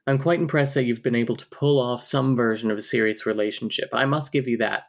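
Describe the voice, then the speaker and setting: A man's voice: mid-range voice, fairly even intonation, fast talker, natural voice. A man reading aloud the warnings of a stern young man, in a blunt, plain voice.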